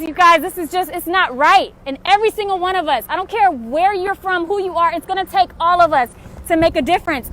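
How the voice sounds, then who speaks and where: A woman's voice: very high voice, expressive, brisk, fairly bright tone. A young woman livestreaming outdoors on a city street, making frustrated, tired, urgent and repetitive calls to action. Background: faint passing traffic and honking.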